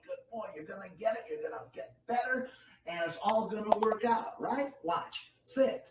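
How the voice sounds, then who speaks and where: A man's voice: high voice, expressive, normal speed. A man performing a comedy ventriloquism act, telling stories in an upbeat, encouraging way. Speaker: guest ventriloquist. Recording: echoey room, distant mic, faint noise.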